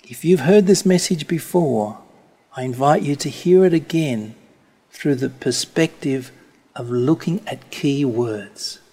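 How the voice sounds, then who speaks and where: A man preaching a sermon, speaking slowly and stressing key words deliberately. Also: medium pitch, warm tone, husky.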